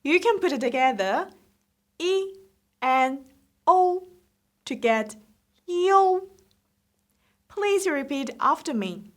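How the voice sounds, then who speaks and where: A woman teaching Mandarin pronunciation, saying each syllable slowly and repeating it for the learner. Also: sits high, big pitch swings. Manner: slow, drilled repetitions of syllables. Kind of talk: slow pronunciation lesson.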